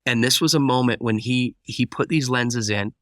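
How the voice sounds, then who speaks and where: A man's voice: medium pitch, moderate pace, fairly bright tone, no echo. A man telling a personal story as a podcast guest, acting out the dialogue vividly. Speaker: guest speaker.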